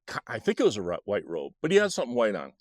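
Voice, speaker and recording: Haltingly and with many restarts, a middle-aged man recounts something from when he was a child. His pitch moves in a lively, animated sweep, and the close recording is dry, with no room sound.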